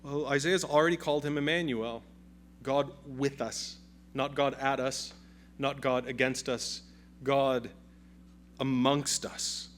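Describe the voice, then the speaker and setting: A man's voice: mid-range voice, fairly even intonation, unhurried, a little hiss or hum. A male pastor preaching a sermon with an emphatic, repetitive cadence.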